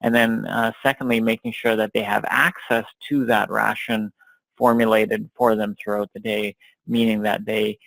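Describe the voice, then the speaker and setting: A man giving a recorded academic lecture over slides, talking in a measured way with many fillers and restarts. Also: on the low side, little pitch movement, creaky, fairly bright tone, dry recording, poor audio. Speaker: dairy science researcher and lecturer.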